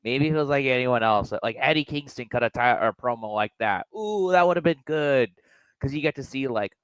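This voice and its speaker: A man's voice: medium pitch, a little fast, fairly bright tone, clean tone, dry recording, rough recording. A man co-hosting a casual wrestling review podcast, blunt and opinionated in his takes. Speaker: podcast co-host.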